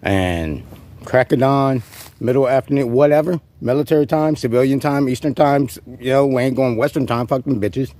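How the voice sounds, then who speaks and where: A man's voice: mid-range voice, normal speed, mellow. A man vlogging an in-character rant, rambling, profane and taunting an unseen rival.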